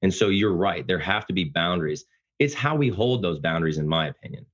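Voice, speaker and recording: A man speaking as a podcast guest, talking about fatherhood in an earnest, emphatic, loud-voiced way. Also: low-pitched, lively intonation, brisk, highs cut off. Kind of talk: casual interview conversation.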